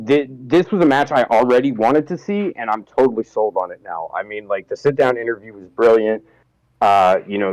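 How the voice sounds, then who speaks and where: Male co-host, low voice, upbeat analytical reviewer, dry close mic. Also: darkish tone, no echo, poor audio. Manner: enthusiastic, measured analysis. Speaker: podcast co-host. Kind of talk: casual post-show review.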